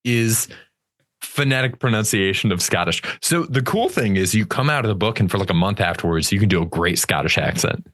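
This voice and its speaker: A man's voice: on the low side, lively intonation, brisk, a bit bright. A young man co-hosting a podcast, telling rambling stories in casual chat, swearing and laughing mid-sentence. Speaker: podcast co-host.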